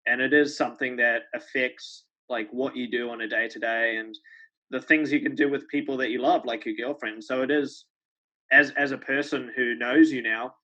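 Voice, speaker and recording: A man's voice: mid-range voice, steady tone, moderate pace, pushed and bright. A man hosting a podcast, speaking earnestly and reflectively, often adding "right?" as he talks. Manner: earnest, reflective, many tag questions. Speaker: podcast host. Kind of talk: podcast interview. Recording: dull lo-fi podcast sound.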